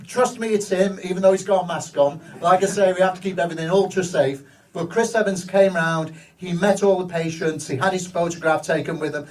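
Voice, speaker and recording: A man's voice: high voice, steady tone, brisk. Man, hospital cinema manager, enthusiastic rambling stories, slightly raised voice, heard from a distance at a live show. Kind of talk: storytelling in a live stage interview.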